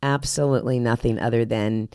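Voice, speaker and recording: Low-voiced chatty woman guest. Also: fairly even intonation, darkish tone, no echo, clean studio sound. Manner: chatty, halting, many restarts. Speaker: guest, character actress. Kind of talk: casual podcast interview.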